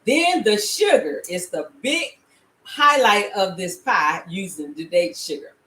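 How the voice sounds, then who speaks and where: A woman's voice: medium pitch, lively intonation, a little slow, sharp tone. Chatty grandmotherly woman in echoey kitchen. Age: older. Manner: chatty, playful, frequent laughs and "all right?" check-ins. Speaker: home cooking show host. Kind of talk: casual recipe demonstration. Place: home kitchen. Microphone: laptop camera.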